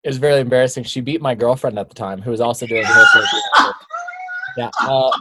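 A man's voice: mid-range voice, huge pitch swings, a little fast, heavy background noise. A young man chatting casually as a guest, rambling with lots of filler words. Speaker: guest, bike racer. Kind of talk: casual chat.

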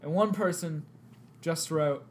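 A young man co-hosting a podcast, telling an animated story with lots of laughter and loud outbursts. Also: fairly high pitch, takes it slowly. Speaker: podcast co-host. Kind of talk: casual chat, storytelling.

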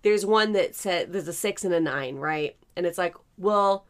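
Woman co-host, lowish voice, blunt casual talker, swears a lot, restarts sentences. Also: normal speed. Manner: frank, swears often, restarts mid-thought. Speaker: podcast co-host. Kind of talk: casual chat.

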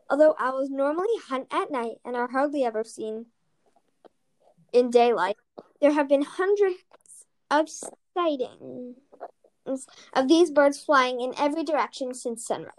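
A woman's voice: high-pitched, natural voice, rough recording. A woman voicing a male TV newscaster in a storybook reading, with formal announcing delivery.

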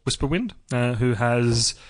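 A young Australian man co-hosting a podcast, casual chat with a joking, deadpan humor. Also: mid-range voice, unhurried, no room sound, clean studio sound. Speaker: podcast co-host.

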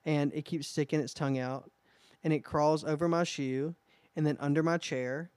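A man's voice: a little high, moderate pace, clear, resonant tone, dry recording. A young man co-hosting a podcast, telling stories in casual chat and acting out what people said. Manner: lively storyteller, acts out quotes. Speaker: podcast co-host.

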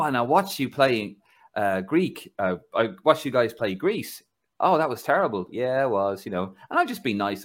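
A man with a Dublin Irish accent hosting a casual football podcast, telling stories with laughter and a chatty, animated manner. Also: medium pitch. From Ireland. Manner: chatty storyteller, laughs through anecdotes. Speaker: podcast host.

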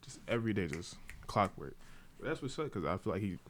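Podcast host, man, very deep voice, jokey and playful. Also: sing-song, brisk, a little hiss or hum. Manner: joking, playful asides. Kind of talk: casual chat.

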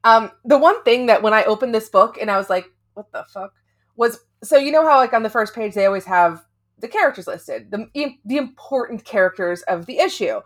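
A woman's voice: a little high, animated, brisk, a bit bright. A woman co-hosting a casual comics podcast, chatting in a rambling way with casual swearing. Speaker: podcast co-host.

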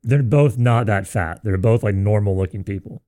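A young man co-hosting a podcast, making dry, quick-witted quips in a casual chat. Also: fairly low pitch, warm tone. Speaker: podcast co-host.

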